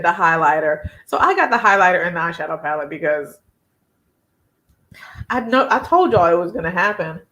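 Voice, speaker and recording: A woman's voice: on the low side, a bit bright. A woman, hosting a casual beauty live chat, chatty and laughing often as she reads viewer comments.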